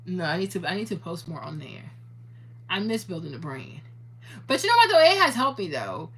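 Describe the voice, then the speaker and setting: A young adult woman talking straight to her viewers in a casual, animated monologue, cursing freely and slipping into preachy advice. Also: on the low side, normal speed. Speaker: YouTuber.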